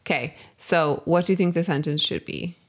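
A woman's voice: low-pitched, normal speed. A woman co-hosting a podcast in casual comedic chat, playful and swearing freely. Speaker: podcast co-host.

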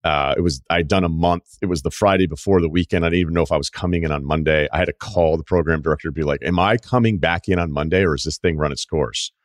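A man from the Boston area hosting a podcast, telling stories in a casual, animated way, acting out quotes and swearing freely. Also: rumbling low, quick pace, few pauses, no echo, studio quality. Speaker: podcast host and longtime radio host. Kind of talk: casual storytelling chat.

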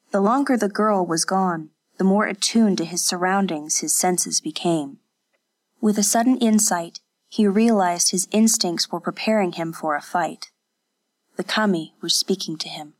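A woman narrating an audiobook in an even, unhurried storytelling manner. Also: on the low side. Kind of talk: scripted narration.

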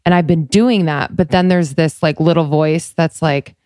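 A woman with a fairly low voice speaks openly and candidly in a casual podcast chat, leaning on "like" as she goes. Her voice is recorded close and dry. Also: normal speed, darkish tone, no room sound. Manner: open, confiding, laughs easily, many fillers.

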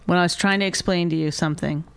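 Woman, co-host, pointed and measured, smooth voice, dry mic. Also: lowish voice, steady tone, no room sound. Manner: measured and pointed, often trails off. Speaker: co-host, the host's wife. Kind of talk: casual couple argument on a podcast.

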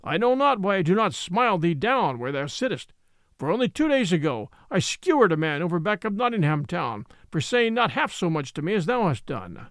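Menacing outlaw read by a man, loud harsh voice, high and swooping, dry close sound. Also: big pitch swings, fairly quick, no room sound, full character voice. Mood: boastful. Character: harsh, fierce male outlaw in horsehide, menacing. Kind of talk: audiobook character reading.

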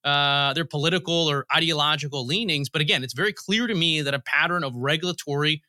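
A man's voice: on the high side, fast, pushed and bright, no echo, clean studio sound. A man being interviewed as a guest on a podcast, explaining policy and telling analogies as he goes. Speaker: guest, federal commissioner. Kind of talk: interview answers.

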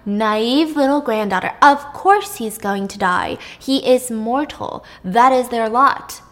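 A weary, stern old sea goddess grandmother lectures slowly and dismissively, voiced by a woman storyteller. She sounds unimpressed and a little impatient. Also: fairly high pitch, lively intonation, a bit bright, exaggerated voice.

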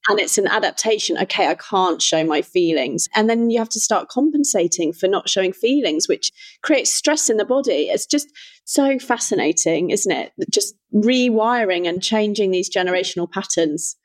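A woman's voice: mid-range voice, animated, normal speed. A woman, a podcast host and coach talking in a reflective, emphatic way. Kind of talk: conversational interview.

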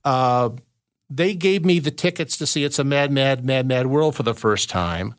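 A man's voice: mid-range voice, moderate pace, no echo, clean studio sound. A man from Southern California spins long showbiz anecdotes as a podcast guest. He talks in a loose, rambling way, often restarting his sentences mid-thought. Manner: rambling storyteller with frequent restarts. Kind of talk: casual anecdotal chat.

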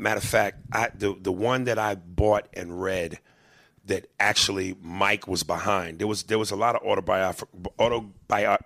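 A man chatting casually about movies, animated and profane, with stammering restarts. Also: fairly low pitch, creaky, no room sound, studio quality.

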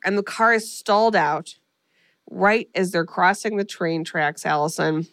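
Animated woman recapping a horror film. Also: mid-range voice, moderate pace, clean tone, dry recording, clean studio sound. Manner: animated storyteller, acts out quotes. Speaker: podcast co-host. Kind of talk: casual movie recap chat.

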